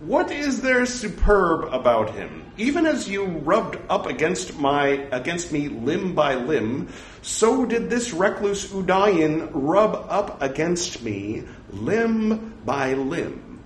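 A man's voice: fairly high pitch, big pitch swings, slow pace, roomy sound, a little hiss or hum, voice pushed up, poor audio. A man reading as an aggrieved Brahmin wife.

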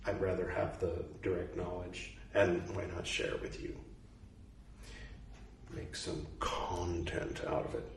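A man in his forties reads a book aloud in a low voice and keeps wandering off into loose, self-interrupting side stories. He keeps apologizing for the detours. The sound is roomy, with the voice set back from the microphone. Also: flat delivery, unhurried, vocal fry, slight background noise. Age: 40s. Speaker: reader and commentator. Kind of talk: reading aloud with casual commentary. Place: room in Goa, India. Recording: roomy sound, distant from the mic.

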